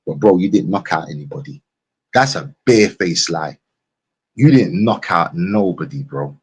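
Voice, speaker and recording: A man's voice: low voice, normal speed, breathy edge. A man with a London accent ranting on a live stream, mocking and repeating himself. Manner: mocking, repetitive, animated. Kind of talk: casual live-stream rant.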